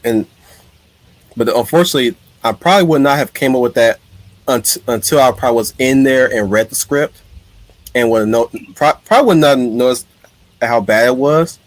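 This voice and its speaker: A man's voice: medium pitch, normal speed, no room sound. A man hosting a casual live stream, telling his ideas in an eager, rambling way. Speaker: streamer host.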